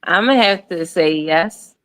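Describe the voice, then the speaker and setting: Bright-voiced woman guest in casual chat. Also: lowish voice, unhurried, a little hiss or hum, rough recording. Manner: easygoing, laughs often. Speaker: podcast guest.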